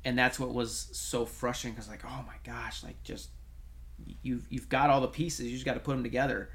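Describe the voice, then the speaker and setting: A man with a gravelly, creaky edge to his voice and a middle-of-the-road pitch, chatting casually as a show co-host. He tells stories in an animated way, stumbling over restarts and fillers as he goes. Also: fairly quick. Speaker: podcast co-host, coach. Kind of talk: casual conversational chat.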